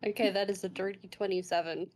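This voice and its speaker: A woman's voice: medium pitch, steady tone, quick pace, darkish tone. A woman narrating as game master in a rambling way, with many fillers.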